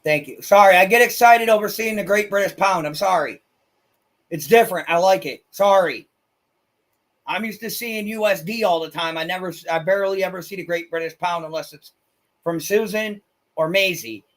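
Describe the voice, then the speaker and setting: A man streaming live, chatting casually with viewers in a blunt, crude and excitable way. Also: sits high, moderate pace. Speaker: livestreamer. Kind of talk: casual livestream chat.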